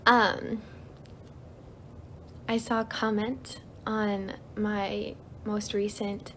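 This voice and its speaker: A woman's voice: medium pitch, a little hiss or hum. A young woman hosting a casual livestream, chatty and giggly, reading out viewer comments while she teaches a few easy phrases. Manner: giggly, chatty, lots of fillers; reads comments aloud. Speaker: livestream host.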